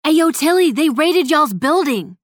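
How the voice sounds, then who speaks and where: A woman voicing a young man delivering terrible news breathlessly, in a loud, urgent street-slang delivery. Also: mid-range voice, normal speed, no room sound, clean studio sound.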